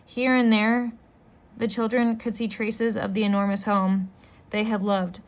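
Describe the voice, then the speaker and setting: A woman reading a children's novel aloud as a storyteller, steady and unhurried. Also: mid-range voice.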